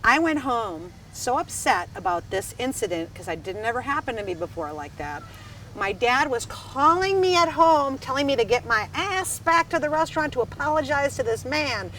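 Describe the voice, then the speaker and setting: A woman from Wisconsin, a restaurant dining room manager, telling stories in a lively, emphatic casual chat. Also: high voice, moderate pace. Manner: animated, emphatic storyteller. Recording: slightly distant mic, faint background noise.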